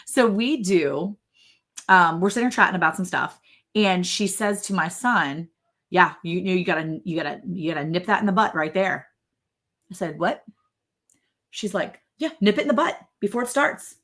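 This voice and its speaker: A woman hosts a relaxed live chat, telling stories and laughing as she goes. Her voice sits a little low for a woman. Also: moderate pace, long pauses. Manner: chatty, laughing, storytelling. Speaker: live stream host.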